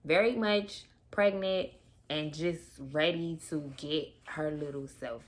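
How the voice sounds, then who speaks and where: Young mom vlogger, woman, lowish register, chatty and expressive with casual slang. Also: slow. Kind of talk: casual storytelling to camera.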